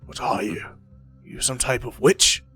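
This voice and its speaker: This is a blunt, suspicious Viking warrior, quick to threaten with his axe, as a game master puts him on. He speaks in short, gruff bursts with a middling pitch, over faint background music. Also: sharp tone, full character voice.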